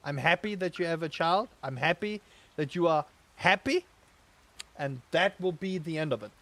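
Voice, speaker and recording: At a normal pace and a slightly high pitch, a young man chats casually over his gameplay for YouTube. He's a lively, over-the-top storyteller prone to outbursts and meandering side comments.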